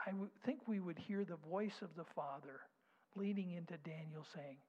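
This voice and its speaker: A man preaching a sermon, dropping to soft whispers and rising to loud, slow declarations. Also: high-pitched. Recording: dull sound with long hall reverb.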